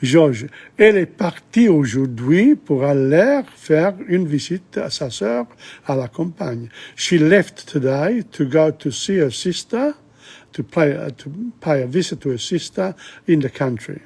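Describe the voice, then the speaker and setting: A man's voice: a little high, expressive, measured pace, creaky, darkish tone, slightly rough. A man teaching French from a play, reading lines and glossing them in English with chatty asides. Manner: chatty, laughs often, breaks off to explain. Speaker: language teacher.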